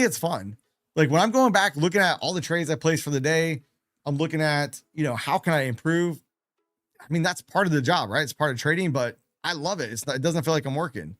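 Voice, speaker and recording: A man's voice: fairly high pitch, fairly bright tone, dry recording. A man telling stories casually on a live trading stream, chatty, laughing between anecdotes and repeating phrases for emphasis. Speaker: day trader and live streamer.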